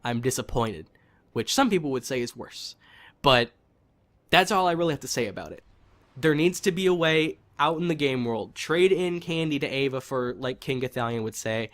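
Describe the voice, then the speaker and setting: A man's voice: medium pitch, fairly bright tone. Frustrated man ranting about a game. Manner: heated, frustrated, swearing, repeats for emphasis. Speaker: gaming commentator. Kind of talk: casual opinion rant.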